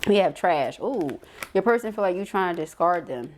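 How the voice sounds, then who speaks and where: A middle-aged woman giving a casual, slangy tarot reading to camera, chatty and quick to laugh. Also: fairly low pitch, animated, a little hiss or hum. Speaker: tarot reader.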